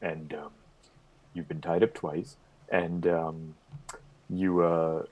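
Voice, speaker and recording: A man playing a tabletop game who talks casually and haltingly in character, with many fillers. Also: low voice, level tone, narrow, tinny audio. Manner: halting, friendly, full of fillers. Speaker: player.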